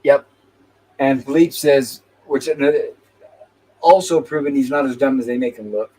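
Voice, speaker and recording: A man's voice: mid-range voice, fairly even intonation, unhurried, mellow, rough recording. A man hosting a live-stream movie review panel, talking casually and retelling the plot by quoting the characters' lines. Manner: conversational, with restarts. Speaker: host.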